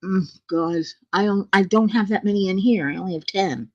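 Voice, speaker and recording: A woman's voice: mid-range voice, moderate pace, highs cut off. A woman hosting her own channel, chatting casually with viewers, laughing often in a playful way. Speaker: channel host.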